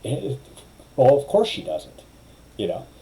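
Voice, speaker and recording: A man's voice: medium pitch, big pitch swings, a little slow, creaky, mellow, poor audio. A middle-aged man, a lawyer, giving opinionated, wry commentary in a casual way and mimicking others' phrasing.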